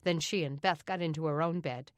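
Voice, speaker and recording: A woman narrating an audiobook in an even, steady reading voice. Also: sits low, brisk, no room sound, clean studio sound. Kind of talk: scripted narration.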